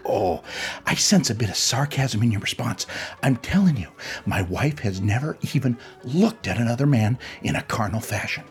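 A man's voice: medium pitch, animated, normal speed, soft background music, natural voice. A man playing a prim, pompous married man who talks in stiff, formal words on a comedy radio show. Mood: indignant. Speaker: stiff married sidekick character.

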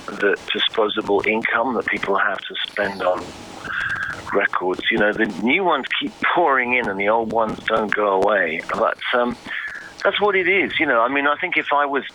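Middle-aged British guest, thoughtful and halting, somewhat low and bright, faint hiss behind. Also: male voice, rough recording. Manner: musing, halting, drawn-out phrases. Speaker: guest musician. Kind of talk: casual radio interview.

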